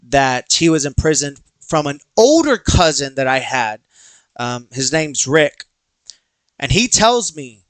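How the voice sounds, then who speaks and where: Fairly high-pitched and smooth, the voice of a young Texan podcast host comes through a dry recording. Telling a casual personal tale, he animatedly voices the people he quotes and swears freely along the way.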